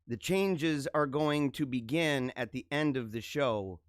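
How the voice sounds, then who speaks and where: A man's voice: mid-range voice, a little slow, dry recording, studio quality. A middle-aged man hosting his own live show, talking casually in a joking, emotional way with many restarts. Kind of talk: casual live-stream monologue.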